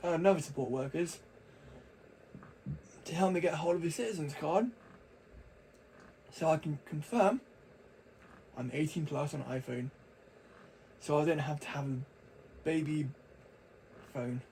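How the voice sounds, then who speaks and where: A man's voice: a little high, unhurried, long pauses, darkish tone, slight background noise, poor audio. A young man talking casually to camera, rambling and chatty with frequent restarts. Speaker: vlogger.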